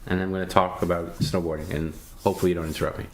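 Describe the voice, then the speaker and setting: A man on a live stream, calmly scolding and mocking his co-host in a needling way. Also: low-pitched, rapid-fire, a little hiss or hum. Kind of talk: casual live-stream talk.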